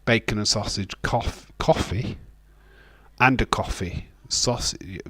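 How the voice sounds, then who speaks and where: A British livestream host with a lowish, husky voice speaks slowly in a bright, forceful tone. The recording is dry and studio quality. He fires back at his live chat casually, joking, ranting and laughing.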